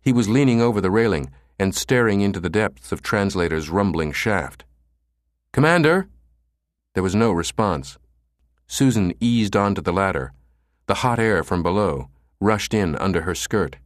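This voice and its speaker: A man reading an audiobook as narrator in a steady, dramatic storytelling way. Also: low voice, moderate pace, no echo, studio quality. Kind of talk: scripted narration.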